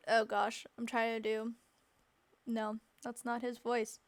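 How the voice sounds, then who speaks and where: A woman's voice: fairly high pitch, monotone, takes it slowly, no room sound. A young woman playing and chatting through a courtroom game, giggly and playful. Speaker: game streamer. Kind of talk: casual game commentary.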